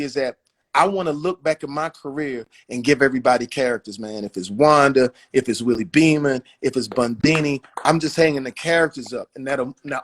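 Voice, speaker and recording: A man as a guest on a livestream chat, telling animated stories and acting out the people in them. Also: a little high. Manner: animated storyteller, acts out others. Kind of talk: casual storytelling chat on a livestream.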